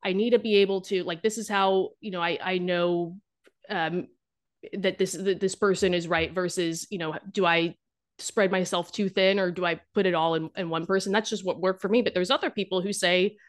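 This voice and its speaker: A woman's voice: on the low side, steady tone, normal speed. Chatty young woman, joking about dating. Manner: chatty and humorous, with many fillers and restarts. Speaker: guest, dating content creator. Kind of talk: casual interview talk.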